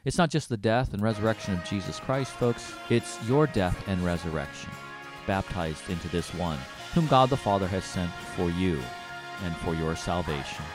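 A man's voice: low-pitched, expressive, normal speed, music in the background. A man co-hosting a Bible study, reading scripture aloud expressively with emphatic asides.

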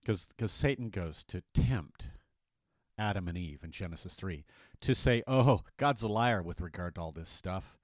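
A man co-hosting a conversational Bible study, reading scripture in an animated, dramatic way. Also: deep voice, moderate pace, no room sound. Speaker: pastor co-host.

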